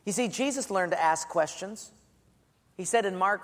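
Man, pastor, sermon, storytelling, slightly high voice, long hall reverb. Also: moderate pace. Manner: storytelling, drops to a soft hush for quotes.

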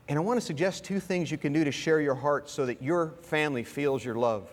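A man's voice: on the high side, a little fast, few pauses. Folksy preacher man in a reverberant hall. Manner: folksy storytelling with humor. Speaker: pastor. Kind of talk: sermon. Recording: long reverb of a large hall.

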